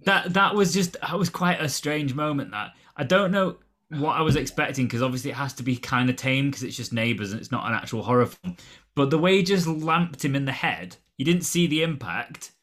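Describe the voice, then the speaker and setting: A man co-hosting a podcast, chatting in a blunt, animated way with plenty of swearing. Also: medium pitch, brisk. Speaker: podcast co-host. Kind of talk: casual chat.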